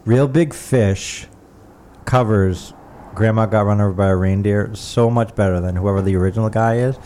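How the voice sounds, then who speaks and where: A man's voice: on the low side, moderate pace, mellow, slight background noise. A man co-hosting a podcast who rambles with enthusiasm about bands, full of "uh" and "like". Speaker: podcast co-host. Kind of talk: casual chat about music.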